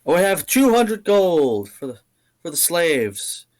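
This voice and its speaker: A man voicing a loud male half-orc auctioneer who rattles off bids in hearty patter. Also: a little high, very animated, takes it slowly, pitched above the performer's own voice. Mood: hawking.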